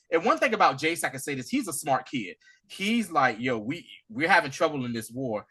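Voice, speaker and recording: A man's voice: a little high, big pitch swings, normal speed, sharp tone, husky. A man co-hosting a casual TV recap podcast, laid-back and slangy, telling scenes with a laugh. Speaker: podcast co-host.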